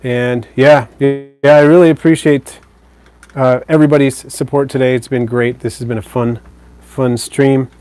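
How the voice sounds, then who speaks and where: A man hosting a live stream, casually answering viewer comments in a relaxed, rambling way. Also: medium pitch, moderate pace, soft background music. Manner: relaxed, rambling, with fillers and self-corrections.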